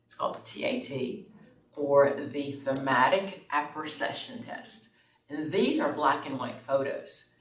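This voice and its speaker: A woman instructor lectures a class at a measured pace, her voice extremely low in pitch. She's conversational, checking in with "okay?" and "right?" The recording is made in an echoey room, far from the mic, with faint room noise.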